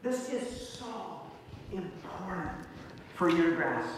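A man's voice: high voice, sing-song, takes it slowly, noisy background. A middle-aged man, a pastor, telling a story in a conversational, self-mocking sermon style. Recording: echoey hall with faint ambience.

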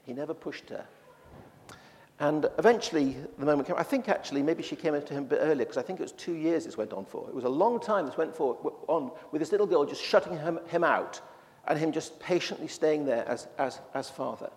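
A man's voice: on the high side, lively intonation, fairly quick, darkish tone, big-room sound. A man preaching a sermon in a church, talking in a conversational way with frequent restarts.

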